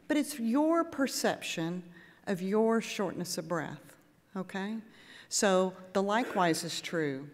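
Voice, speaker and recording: Lively woman lecturing in an echoey hall. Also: mid-range voice, a little slow. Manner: lively, conversational, acts out patient exchanges. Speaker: nurse practitioner lecturer. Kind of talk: conference lecture to patients. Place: conference hall with audience.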